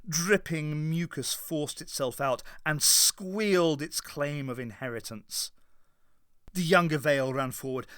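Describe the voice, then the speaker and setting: A man narrating an audiobook in a dramatic, measured reading. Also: fairly high pitch, smooth, no echo, clean studio sound. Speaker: audiobook reader. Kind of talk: scripted narration.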